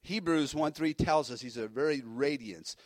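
A man who is a pastor, preaching a sermon in an emphatic, animated way with frequent restarts. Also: mid-range voice, normal speed, no room sound.

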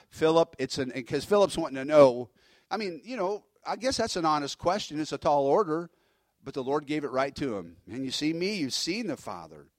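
A male pastor delivers a sermon in a somewhat high voice. He preaches emphatically, pushing his points with energy and often restarting phrases. The sound is dry and close, with little room around it. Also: lively intonation, normal speed, no echo.

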